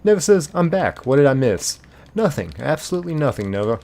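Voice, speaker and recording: A man hosting a casual live stream, reading viewer comments aloud in an animated way, laughing easily and thanking viewers by name. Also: a little high, brisk, creaky. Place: apartment bedroom.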